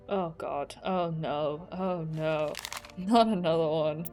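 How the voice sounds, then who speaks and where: A woman's voice: lowish voice, slow, soft background music. A woman streamer giving casual commentary as she plays a game, chatty and reactive, laughing often. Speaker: gaming streamer. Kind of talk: casual let's play commentary.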